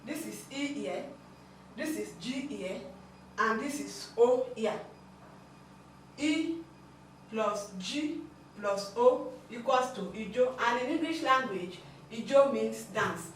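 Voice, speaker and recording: A woman's voice: on the high side, expressive, slow pace, pauses often, slight background noise. Patient woman teaching in an echoey room. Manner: patient, explanatory, repeats points. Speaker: language teacher. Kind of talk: classroom lesson. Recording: echoey room, mic at a distance.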